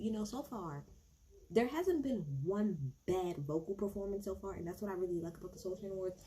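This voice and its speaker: Woman, casual recap chat, animated, gushing, profane, talks to viewers, clear steady hum behind. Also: mid-range voice, normal speed, rough recording. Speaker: award show reviewer.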